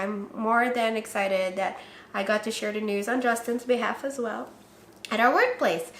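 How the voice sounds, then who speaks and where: A young woman talks to her viewers in a bubbly, chatty way, laughing easily and putting on little voices for the people she quotes. Her voice sits a little high. The room adds a noticeable echo. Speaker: vlogger. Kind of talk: casual vlog chat. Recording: roomy echo.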